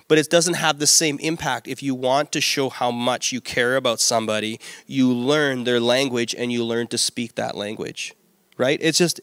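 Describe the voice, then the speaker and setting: Bright-voiced middle-aged pastor preaching. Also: male voice, mid-range voice, no echo. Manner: lively storytelling with playful asides and acted-out quotes. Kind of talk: sermon.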